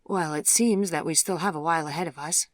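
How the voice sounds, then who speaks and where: A woman voicing a proper, skeptical young gentleman in an audiobook, speaking politely but dismissively in formal phrases. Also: on the high side, a little fast, no room sound, clean studio sound, lightly acted. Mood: wry. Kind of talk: audiobook character voice.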